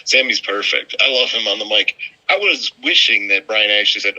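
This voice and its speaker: A man's voice: on the low side, expressive, brisk, pushed and bright. A man co-hosting a podcast, chatting easygoingly about wrestling, laughing and agreeing a lot. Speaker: podcast co-host. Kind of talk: casual wrestling chat. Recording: muffled lo-fi sound.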